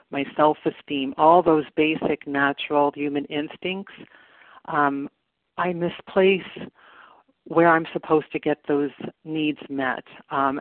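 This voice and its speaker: A man's voice: fairly high pitch, no echo. A man sharing at a recovery meeting, earnest and reflective, repeating words for emphasis, heard over a phone or video call. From Canada. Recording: tinny phone line.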